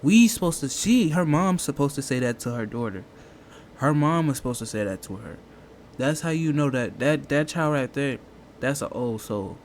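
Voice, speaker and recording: A man's voice: medium pitch, expressive, moderate pace, a little hiss or hum. A man hosting a reaction video, talking loosely in casual slang with lots of restarts. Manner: loose, slangy, rambling talk with many restarts.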